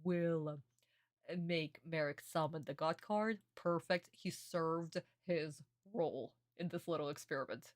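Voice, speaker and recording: A woman's voice: sits low, unhurried, no room sound, clean studio sound. A woman voicing a cold, arrogant young man who talks in a dismissive, smug way.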